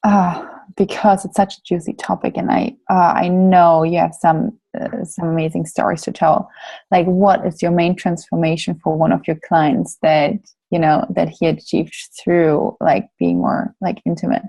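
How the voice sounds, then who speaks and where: A woman's voice: fairly low pitch, level tone, moderate pace, creaky, warm tone, husky, low-quality recording. A woman interviewing a guest in conversation, effusive and affirming in her questions.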